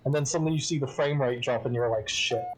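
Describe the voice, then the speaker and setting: A man's voice: medium pitch, quick pace, noisy background. A man chatting casually with friends, stubbornly arguing a nerdy point.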